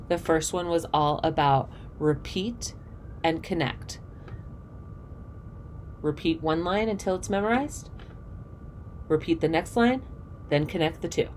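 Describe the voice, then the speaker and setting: A woman with a slightly low voice explains tips to her theater students in a friendly, direct way. She goes back over each point to review it, and a faint hiss sits under her voice. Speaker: theater teacher. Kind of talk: instructional talk to students.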